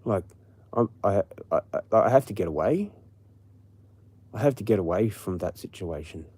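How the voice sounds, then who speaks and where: A man's voice: low-pitched, expressive, normal speed, dark tone, husky. A man with an Australian accent, ranting casually and profanely on a late-night livestream. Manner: profane, rambling. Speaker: livestream host.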